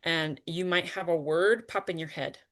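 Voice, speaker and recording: Low-voiced woman teaching in earnest. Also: normal speed. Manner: earnest and animated, laughs often, trails off with fillers. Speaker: spiritual teacher. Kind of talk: conversational spiritual discussion.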